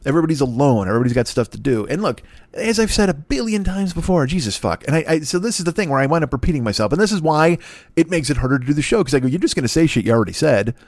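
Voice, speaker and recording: A man's voice: fairly high pitch, expressive, rapid-fire, darkish tone, no room sound. A man in his forties hosting a comedy podcast, rambling through a profane, self-deprecating monologue. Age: 40s.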